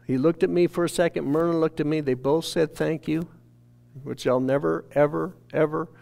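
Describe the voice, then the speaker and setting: A man on a church staff gives an earnest, emotional testimony during a sermon, his storytelling building up to shouted quotes. His voice sits on the high side with fairly even intonation, a moderate pace, and some vocal fry.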